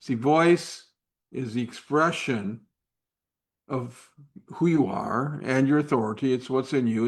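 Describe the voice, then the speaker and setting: Male host, unscripted live faith talk, measured and slow, unpolished, frequent restarts and fillers. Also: mid-range voice, fairly bright tone. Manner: drops to a whisper at times.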